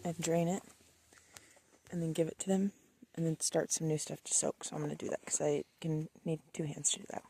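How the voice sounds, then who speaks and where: A woman's voice: low voice, steady tone, a little fast, gravelly, warm tone, slight background noise. A woman vlogging her farm chores, greeting her animals in a sing-song baby-talk voice. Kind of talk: casual farm chores vlog, talking to animals. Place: outdoors on a farm.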